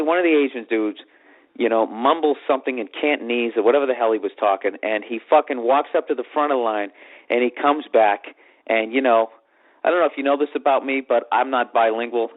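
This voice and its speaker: A man's voice: medium pitch, fast talker. A man with a Boston accent telling a comic story on his podcast in a profane, exasperated ranting manner. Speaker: podcast host. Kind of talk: comedic storytelling monologue. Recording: tinny phone-like podcast audio.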